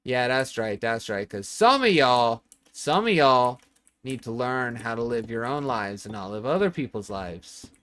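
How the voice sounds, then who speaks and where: A man's voice: medium pitch, expressive, a little slow, fairly bright tone. A young man streaming a building game from home, blunt and rambling, swearing a lot and talking to his chat and his cat on a desk microphone. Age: young adult. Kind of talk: casual livestream chat while gaming.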